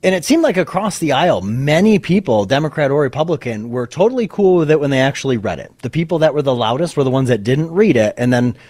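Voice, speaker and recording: A man's voice: fairly high pitch, very animated, quick pace, hardly any pauses, darkish tone, no echo. A man co-hosting a political talk show, speaking in a sarcastic, joking way. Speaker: podcast co-host. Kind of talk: casual political commentary.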